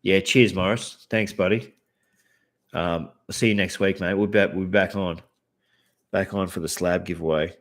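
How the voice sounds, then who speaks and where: A man's voice: deep voice, steady tone, moderate pace, a bit bright. A man in his thirties with an Australian accent, chatting casually to camera about his cards, laid-back and swearing freely. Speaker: card collector and channel host.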